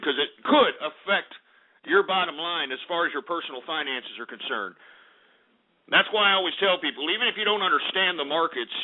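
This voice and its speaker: A man hosting a talk-radio show, ranting sarcastically and profanely about commodity prices. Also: on the high side. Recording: phone-like radio broadcast.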